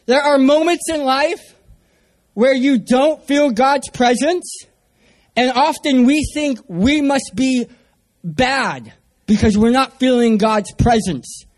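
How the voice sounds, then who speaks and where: Young guy preaching, really high voice, jokey storytelling, pokes fun at himself. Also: slow pace. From San Diego area, US. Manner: self-mocking humor. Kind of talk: storytelling sermon.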